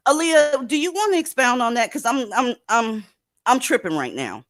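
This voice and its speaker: A woman's voice: on the high side, very animated, moderate pace, a bit bright, dry recording. A woman hosting a live stream, talking casually with blunt, profane sarcasm to her viewers. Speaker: livestream host. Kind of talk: casual livestream commentary.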